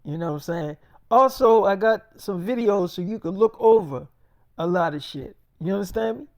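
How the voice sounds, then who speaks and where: Man, high voice, dry close sound, rambling profane storyteller, boastful. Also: expressive, normal speed, no room sound. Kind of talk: improvised spoken story.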